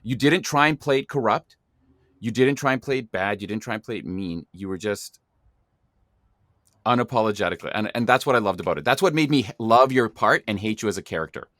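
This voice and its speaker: A man hosting a podcast talks with emphatic enthusiasm, leaning hard on his key words. His voice sits a little low, and the sound is dry and close, with no room around it. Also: expressive, a little fast, fairly bright tone, no echo. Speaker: podcast host. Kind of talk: podcast interview conversation.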